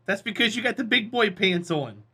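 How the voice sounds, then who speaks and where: A man's voice: sits high, big pitch swings, normal speed, bright, forceful tone, slightly rough. A man streaming a space game live, chatting casually and encouraging his viewers as he plays.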